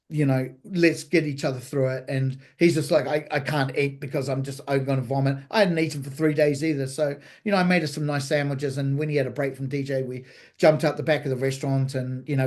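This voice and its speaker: A man from New Zealand, a chef guest on a podcast, telling a story casually with profanity and acted-out dialogue. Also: on the high side. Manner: animated, profane, acts out quoted dialogue.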